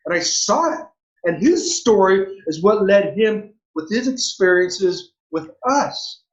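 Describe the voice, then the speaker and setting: High-voiced earnest man in his forties. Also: animated, slow pace, echoey room. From Southern California. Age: 40s. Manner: earnest and repetitive, restarts phrases. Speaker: interview guest, former pro baseball player. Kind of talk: heartfelt personal storytelling. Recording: dull lo-fi audio.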